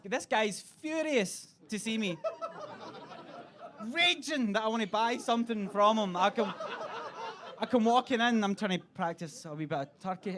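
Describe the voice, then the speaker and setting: High-voiced stand-up comic. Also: male voice, a bit bright. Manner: swearing, quick act-outs of other voices. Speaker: stand-up comedian. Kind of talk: live stand-up comedy. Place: comedy club stage.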